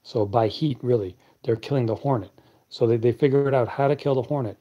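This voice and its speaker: Deep-voiced man chatting on a late stream. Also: fairly quick, highs cut off. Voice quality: deep, clear radio voice. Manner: relaxed, chatty, answers viewers by name. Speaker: live stream host. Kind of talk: late-night live stream chat reading comments.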